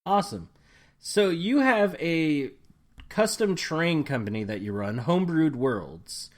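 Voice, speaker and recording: A man's voice: a little high, expressive, measured pace. A man hosting a casual podcast interview, introducing his guest and asking questions in a friendly, chatty way. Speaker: podcast host.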